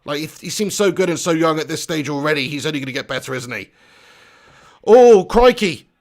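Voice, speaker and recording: A young man with a notably high voice, chatty and excitable as he hosts a live football watch-along. He swears casually, reads out viewer messages and jumps into quick commentary on the play.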